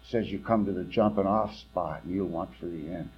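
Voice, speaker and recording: A man telling his recovery story at a meeting, blunt and plain-spoken, his voice swinging between low, quiet passages and louder, livelier stretches. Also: brisk, breathy edge, lo-fi sound. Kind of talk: personal testimony talk.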